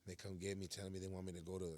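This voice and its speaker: A man's voice: low voice, little pitch movement, rapid-fire, darkish tone. A man telling his prison stories as a podcast guest, casual and profane, full of street slang like "fool" and "homie.". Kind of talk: casual storytelling.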